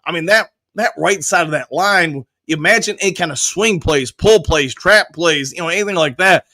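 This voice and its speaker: A man's voice: a little high, normal speed, pushed and bright, no room sound. A man hosting a live sports podcast, talking casually and reading viewer comments aloud before answering them. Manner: loose and conversational, with frequent restarts and fillers. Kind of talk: live-stream sports chat.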